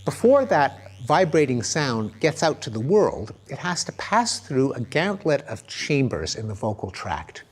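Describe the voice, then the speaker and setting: A man giving an academic lecture, explaining with lively emphasis and spoken examples. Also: medium pitch, a little slow, hardly any pauses.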